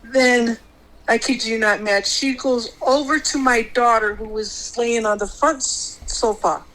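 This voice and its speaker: A middle-aged woman guest telling a personal experience on a podcast, rambling, restarting often, and jumping higher when she quotes others. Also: measured pace, a bit bright, low-quality recording. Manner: rambling, full of restarts, jumps high when quoting others.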